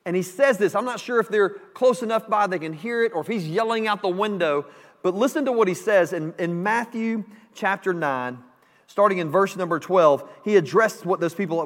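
A man pastor preaching a sermon, animated and emphatic, repeating key phrases. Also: high-pitched, moderate pace. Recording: long hall reverb.

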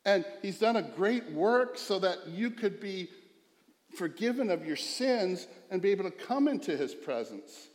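A middle-aged male pastor delivers a sermon in a rather high voice. He moves between hushed, intimate passages and emphatic, rising ones. The voice rings through a large hall with a long reverb tail. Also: sing-song, measured pace. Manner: earnest, swings from hushed to emphatic.

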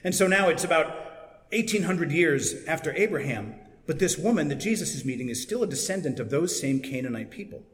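A man's voice: a little high, expressive, a little fast. A man preaching a sermon in a conversational, explanatory way. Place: church. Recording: echoey church with long reverb.

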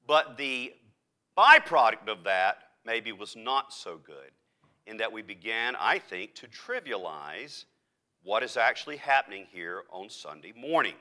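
A man preaching a sermon as pastor, emphatic with dramatic pauses and occasional restarts. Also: fairly low pitch, animated, pushed and bright. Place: church.

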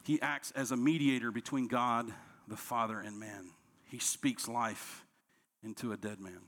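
A man, a pastor, preaching a sermon, dropping to soft, low lines and rising when he acts out quoted complaints. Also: fairly even intonation, unhurried. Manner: preaching with strong swings between soft, low lines and raised, higher quoted outbursts.

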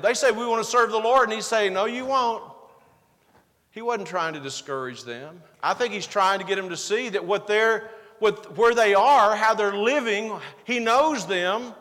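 A man's voice: high-pitched, sharp tone, long reverb tail. A man preaching a sermon as pastor, building to emphatic bursts and acting out the back-and-forth quotes of the passage.

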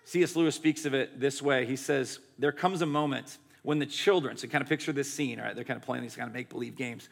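A man's voice: medium pitch, fast talker, vocal fry, few pauses. A man in his forties preaching a sermon in a conversational way, often acting out quoted lines. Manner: conversational, acts out quotes in voices. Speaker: pastor.

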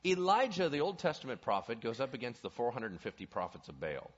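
A man's voice: mid-range voice, fast. A male pastor preaching a sermon, asking the congregation questions as he goes. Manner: animated, asks the audience questions. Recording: dull lo-fi recording.

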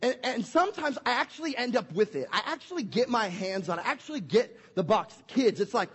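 A young adult man preaching a lively family Christmas sermon in a church hall, playful and energetic as he acts out little scenes. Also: high-pitched, a little fast, few pauses, husky. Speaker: pastor. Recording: echoey hall with long reverb.

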